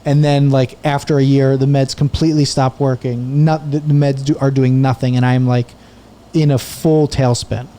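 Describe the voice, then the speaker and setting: A man in his thirties hosting a podcast, telling a story in a casual, animated way and swearing often. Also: medium pitch, moderate pace. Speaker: podcast host and comedian.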